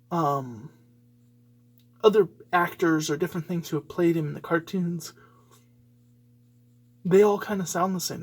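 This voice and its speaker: A man's voice: high voice, slightly rough. A man hosting a solo podcast, giving rambling, opinionated commentary full of fillers and restarts. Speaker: podcast host.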